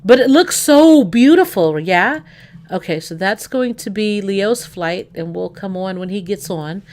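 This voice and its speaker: A woman hosting a livestream in casual chat, rambling and thinking out loud with plenty of fillers. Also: medium pitch, expressive, measured pace. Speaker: livestream host.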